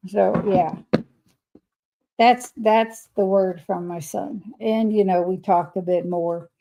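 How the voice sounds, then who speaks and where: An older woman hosts a casual livestream, reading viewer comments aloud and answering them warmly and chattily. Her medium-pitched voice is steady and slow with vocal fry, and the recording is rough.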